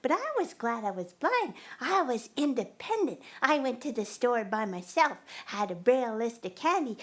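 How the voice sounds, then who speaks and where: A woman's voice: a little high, fairly bright tone. A woman telling a first-person story at a live performance, narrating expressively and acting out the dialogue. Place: performance venue.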